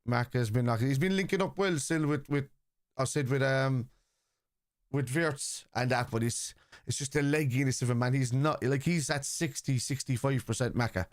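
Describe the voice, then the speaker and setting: A man's voice: mid-range voice, normal speed, dry recording, studio quality. A man from Liverpool in casual live-stream chat, rambling and teasing commenters as he reads out messages during a football watchalong.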